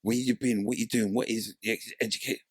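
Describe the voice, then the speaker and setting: A man's voice: fairly low pitch, quick pace, slight background noise. A man, telling his story in a casual interview and acting out the voices of people in it. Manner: animated, acts out voices in his stories. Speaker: interview guest, former footballer.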